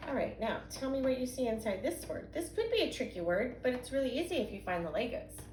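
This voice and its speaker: A woman's voice: fairly high pitch, big pitch swings, fast, a little mellow. Young woman teacher, patient sing-song phonics voice, roomy echo, faint hum, stretches out sounds for little kids. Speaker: kindergarten and first grade teacher. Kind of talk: recorded phonics reading lesson for young children. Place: home, indoors. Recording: echoey room with faint background hum.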